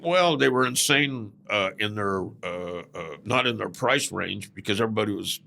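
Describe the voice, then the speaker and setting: Guesting on a podcast, an older man from Southern California who once led a biker club spins rambling stories, peppering them with "man." His voice runs on the low side, gravelly, pushed and bright, expressive at a moderate pace.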